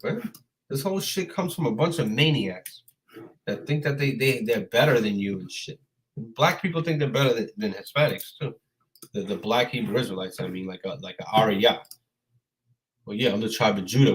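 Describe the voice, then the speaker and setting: A man talks straight into his livestream, swearing freely and sounding fed up as he answers people typing in the chat. His voice sits at an ordinary middle pitch, and his street-casual delivery keeps tossing in "bro" and "man". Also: low-quality recording. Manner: profane, exasperated, calls out commenters. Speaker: livestream host.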